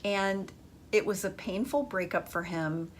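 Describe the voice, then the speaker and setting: A woman's voice: medium pitch, unhurried. A woman talks through dating advice in a podcast monologue. Her voice sits in a middle register. She speaks emphatically but keeps a casual, conversational feel as she turns to her listeners. A faint background hum runs underneath.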